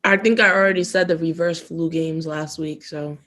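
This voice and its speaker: A woman's voice: low-pitched, fairly even intonation, normal speed, a bit bright. Woman co-host, casual mukbang podcast chatter, laughs often, talks through shopping and food tips. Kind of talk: casual podcast chat while eating.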